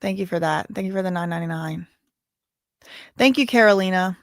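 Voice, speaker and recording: A woman hosting a casual livestream, thanking viewers and talking in a halting, emotional way full of "like". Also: lowish voice, gravelly, no room sound, clean studio sound. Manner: chatty, halting, heavy use of "like", openly emotional. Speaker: livestream host reading viewer donations.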